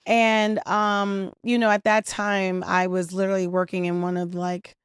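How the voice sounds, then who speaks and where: Smooth-voiced woman telling her story. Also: mid-range voice, measured pace, no room sound, studio quality. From New York and New Jersey area. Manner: animated storyteller, acts out quoted voices, many "um"s. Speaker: restaurant owner and founder, guest. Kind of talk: interview storytelling. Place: her restaurant.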